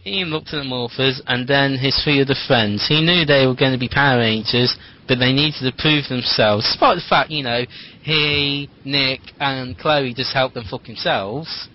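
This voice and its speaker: A man's voice: mid-range voice, moderate pace. Man, comedy podcast co-host, dry mocking asides, dull lo-fi sound. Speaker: podcast co-host reading fan fiction. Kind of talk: comedic read-aloud with banter.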